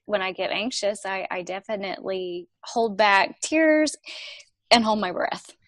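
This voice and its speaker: A woman co-host with a Texas accent, chatting in an animated, self-deprecating way. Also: mid-range voice, measured pace, dry recording. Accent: Texan. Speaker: podcast co-host. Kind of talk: casual chat.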